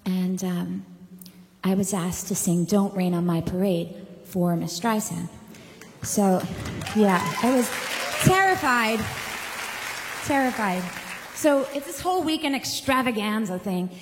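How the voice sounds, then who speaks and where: A woman from Long Island with a Long Island accent, a singer telling a comic anecdote to an audience, lively and self-mocking with chatty asides. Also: medium pitch, a little slow, long reverb tail, a little hiss or hum. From Long Island, New York.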